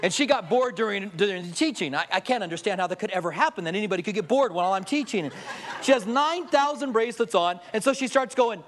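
A man's voice: high-pitched, quick pace. A male pastor preaching a sermon, telling humorous stories and acting out quotes. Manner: storytelling with jokes, lively acted-out quotes.

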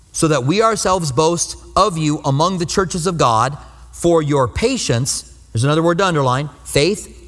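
Male pastor, slightly high voice, earnest teaching sermon, reverberant sanctuary sound. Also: fairly bright tone. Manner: earnest, explanatory, repeats phrases for emphasis. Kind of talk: expository Bible teaching sermon. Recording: long reverb of a hall.

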